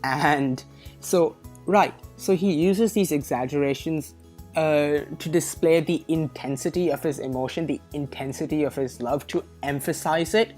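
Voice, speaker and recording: This is a woman with a low, deep speaking voice who walks through reading test material as a tutor. She explains step by step and corrects her own slips with a wry aside. Soft music sits faintly behind her. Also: measured pace. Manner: methodical, self-correcting, lightly wry. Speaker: SAT tutor. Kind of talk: explanatory lesson.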